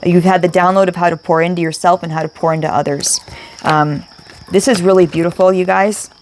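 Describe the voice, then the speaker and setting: A woman's voice: lowish voice, fairly even intonation, brisk, a little mellow, a little hiss or hum. A woman giving an emotional spiritual tarot reading, speaking emphatically, repeating herself and swearing casually. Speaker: tarot reader.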